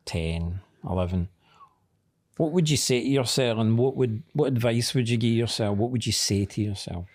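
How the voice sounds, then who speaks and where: Easygoing, low-voiced Scottish host. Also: male voice, a little mellow. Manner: easygoing, encouraging, fills gaps with agreement. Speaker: interview host. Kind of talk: relaxed conversational interview.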